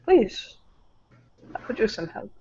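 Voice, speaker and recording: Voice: slow, mellow, close to an everyday voice. A player doing a wry, grieving widower at a bar. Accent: European. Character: grieving young widowed man drinking alone at a bar. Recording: dull lo-fi recording.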